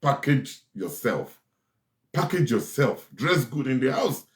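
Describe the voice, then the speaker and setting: A man giving forceful relationship advice, often repeating his lines for stress. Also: mid-range voice, very animated, slow. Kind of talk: preachy advice talk. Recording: echoey room.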